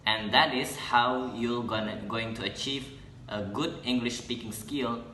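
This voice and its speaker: A young man, a student presenting an English lesson in a halting way, correcting himself as he goes. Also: mid-range voice, fairly even intonation, sharp tone, a little hiss or hum. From Indonesia. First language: Indonesian. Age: young adult. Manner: halting, with restarts and self-corrections. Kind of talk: classroom explanation. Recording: echoey room.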